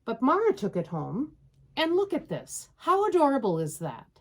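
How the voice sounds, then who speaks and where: A woman's voice: sits high, huge pitch swings, moderate pace. Woman, Minnesota accent, enthusiastic casual co-host of a craft chat show. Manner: chatty and enthusiastic, gushing. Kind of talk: casual chat about cross-stitch.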